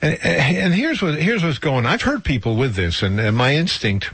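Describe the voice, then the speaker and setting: A man's voice: on the high side, big pitch swings, normal speed, fairly bright tone, husky, no room sound. A man hosting a radio talk segment, speaking conversationally with frequent fillers and restarts.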